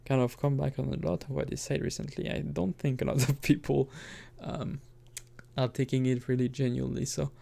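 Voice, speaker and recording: Man, gaming commentary, unhurried pace, gravelly fry, mellow dark tone, rambling asides. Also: mid-range voice. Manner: rambling, self-correcting, chuckling asides. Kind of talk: casual let's-play commentary.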